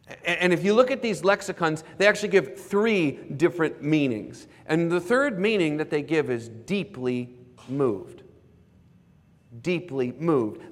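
A man preaching a sermon as pastor, earnestly explaining words and softly repeating key phrases for emphasis. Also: fairly high pitch. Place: church sanctuary. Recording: preached in a reverberant church hall.

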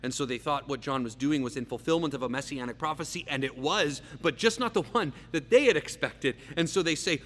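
A man preaching a verse-by-verse sermon, emphatic, slowing down and repeating key phrases for weight. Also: fairly high pitch, fairly bright tone. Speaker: pastor. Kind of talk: expository sermon. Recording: long reverb, faint hum.

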